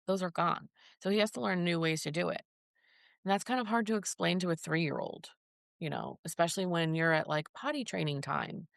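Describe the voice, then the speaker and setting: Gravelly low-voiced woman telling her story. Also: brisk, no room sound, clean studio sound. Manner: earnest, acts out quoted dialogue. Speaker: podcast guest, mother of a child with a rare disease. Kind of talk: casual interview storytelling.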